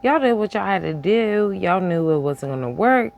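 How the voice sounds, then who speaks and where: A woman's voice: medium pitch, animated, moderate pace, vocal fry, darkish tone, lo-fi sound. A woman hosting a reaction video, reacting in a blunt, colloquial, teasing way. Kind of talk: casual commentary.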